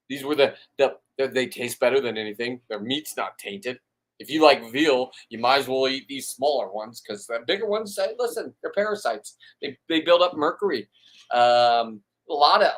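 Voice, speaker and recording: A man's voice: medium pitch, fairly bright tone. Rambling, blunt man chatting on a live stream. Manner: rambling and blunt, with stammered restarts and swearing. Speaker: fisherman hosting a live stream. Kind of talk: casual live-stream chat.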